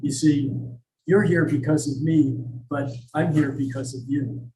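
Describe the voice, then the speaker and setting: Nasruddin, a sheepish old Sufi wise fool, as a storyteller puts him on, a wry, bashful man answering in a folk tale told aloud. The voice is a touch higher than a plain man's, and his delivery is easy. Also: steady tone, a little slow, warm tone, reverberant, distant mic, natural voice, low-quality recording.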